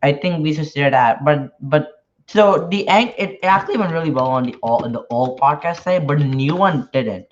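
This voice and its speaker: A man's voice: on the high side, normal speed, slight background noise. A man chatting casually on a livestream while he works, sounding nervous and hesitant, with frequent restarts and filler words. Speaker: podcaster and newsletter writer. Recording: dull lo-fi stream audio.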